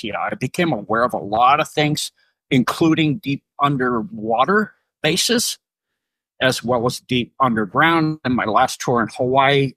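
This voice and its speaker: A middle-aged retired Navy submariner tells stories as a guest on a casual podcast interview, his medium-pitched voice recorded dry. He's animated, acts out dialogue in raised voices, and chuckles often.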